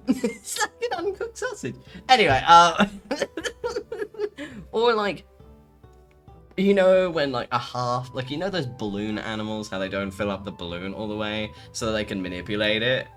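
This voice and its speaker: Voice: medium pitch, moderate pace, pauses often, a bit bright, faint music behind. A VTuber streamer in casual live-stream chat, giggling and rambling while answering chat.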